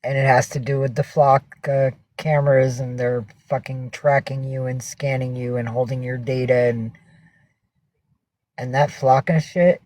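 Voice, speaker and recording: Slow-talking woman chatting on a livestream. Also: very deep voice, little pitch movement, darkish tone, no echo, poor audio. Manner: rambling, profane, chatting to viewers and her cats. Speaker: livestream host. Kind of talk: casual livestream chat. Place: at home with her cats.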